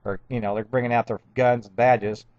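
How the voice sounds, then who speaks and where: A man's voice: medium pitch, steady tone, fairly quick, a little mellow, dry recording. Man in his 50s, agitated rambling monologue, stammered restarts, dry muffled home recording.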